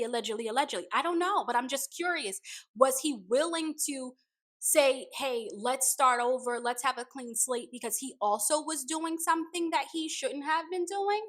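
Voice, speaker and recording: A woman's voice: high-pitched, normal speed. A woman giving an opinionated, casual recap of a reality show, laughing now and then. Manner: opinionated, animated, laughs often.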